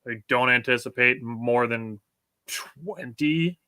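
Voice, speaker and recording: A man's voice: mid-range voice, slow pace, bright, forceful tone, no room sound, clean studio sound. A man co-hosting a sports podcast in casual chat, laughing often and reading out listener comments. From United States. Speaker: podcast co-host.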